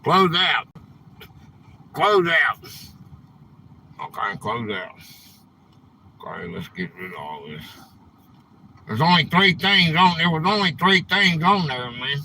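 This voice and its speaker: A man hosts a casual live stream in a high, bright voice. He talks slowly and rambles, gets worked up when things break, and tacks "man" onto his sentences. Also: sing-song, a little hiss or hum, low-quality recording. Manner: rambling, easily frustrated, says "man" often.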